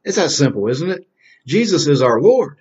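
With a sing-song, slightly high voice of darkish tone, a man quizzes children on a Bible lesson and slowly supplies his own answers. Repetitive call-and-response drilling of key phrases runs throughout the dull lo-fi recording.

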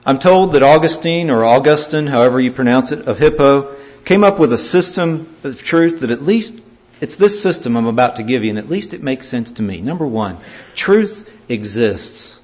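A male preacher delivering a sermon, swinging from loud, emphatic scripture reading to quiet, grave warnings. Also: medium pitch, animated, brisk. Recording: dull lo-fi recording.

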